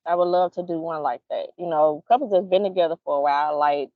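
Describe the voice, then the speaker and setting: A woman co-hosting a podcast in casual chat, blunt and profane, telling stories with animated energy. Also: low-pitched, quick pace, no echo. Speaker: podcast co-host. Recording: dull, dry lo-fi sound.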